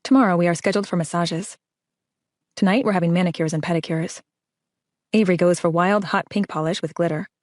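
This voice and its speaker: A woman's voice: lowish voice, fairly quick, a little mellow, no room sound, clean studio sound. Woman narrating a wry first-person audiobook. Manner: wry, conversational.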